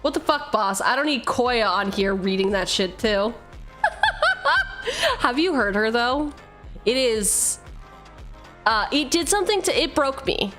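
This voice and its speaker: A woman's voice: a little high, sing-song, takes it slowly, long pauses, a bit bright, soft background music. A woman streamer chatting casually and swearing freely while opening card packs, laughing often.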